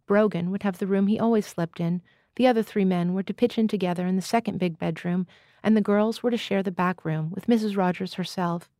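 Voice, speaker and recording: A woman reads literary fiction aloud in an even, measured voice. Her pitch sits in the middle range. The sound is dry and close, with no room around it. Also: no echo. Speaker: guest reader.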